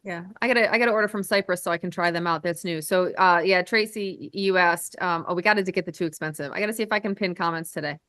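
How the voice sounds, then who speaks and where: A woman's voice: lowish voice, fast talker, few pauses, fairly bright tone, dry recording. A woman hosting a telehealth livestream, chatting casually and joking at her own expense, with the odd swear.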